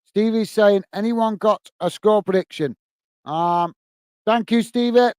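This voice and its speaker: A man's voice: high-pitched, measured pace, a little mellow, clean tone, no echo. A man hosting a football watch-along stream, giving friendly play-by-play and chatting with viewers as he goes. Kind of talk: live match commentary while greeting chat viewers.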